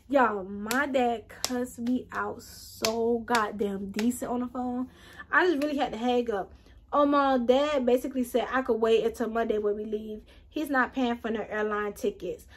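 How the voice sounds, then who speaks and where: High-voiced young woman. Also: moderate pace, a little hiss or hum. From Atlanta, USA. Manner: animated, talks straight to viewers, acts out quotes. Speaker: vlogger. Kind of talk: storytime vlog.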